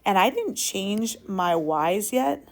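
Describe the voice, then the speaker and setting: A woman's voice: medium pitch, expressive, slow, vocal fry. Upbeat woman teaching a class. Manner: upbeat and playful, asks the class questions. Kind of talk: classroom lesson.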